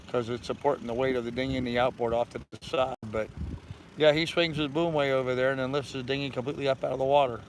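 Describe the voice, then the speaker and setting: An older man hosting a relaxed livestream from his sailboat in a harbor, rambling easily and reading viewer comments aloud. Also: medium pitch, a little hiss or hum, rough recording. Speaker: vlog host. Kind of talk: casual livestream chat.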